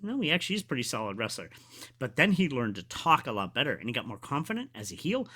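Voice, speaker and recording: A man reviewing a wrestling event in a casual, excitable, rambling way, with many fillers, sometimes going soft and quiet. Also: mid-range voice, fast, breathy edge. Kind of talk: casual solo video review.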